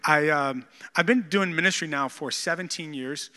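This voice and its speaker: A man, preaching a sermon with energetic storytelling. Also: on the high side, moderate pace, big-room sound, crowd noise, noisy background. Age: 30s. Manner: energetic, storytelling with frequent restarts. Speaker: pastor.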